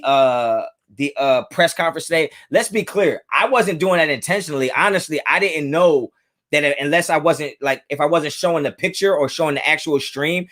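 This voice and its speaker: A man's voice: on the high side, a bit bright. A man hosting a casual livestream from home, talking in laid-back slang and greeting chatters by name. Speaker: livestream host. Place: home, kids in another room.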